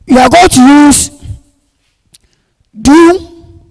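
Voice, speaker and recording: A man with a very high, gravelly voice teaching grammar at a deliberate, unhurried pace. He repeats each point and punches key words loudly. A long reverb trails behind every phrase. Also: slight background noise. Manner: slow and repetitive, stressing key words loudly. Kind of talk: classroom grammar lesson. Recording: long reverb, echoey room.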